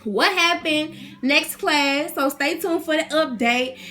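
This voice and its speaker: A young woman, ranting to her viewers in an animated, indignant, slangy way. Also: high-pitched, slow pace. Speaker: vlogger. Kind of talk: casual rant to camera.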